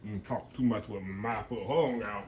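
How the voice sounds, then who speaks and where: A man's voice: on the low side, a little fast, darkish tone, slight background noise. Chatty man eating on camera. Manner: chatty, talks with mouth full, murmurs "mm" while eating; Southern phrasing, says "y'all". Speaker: cooking channel host. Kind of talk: casual cooking vlog, eating on camera.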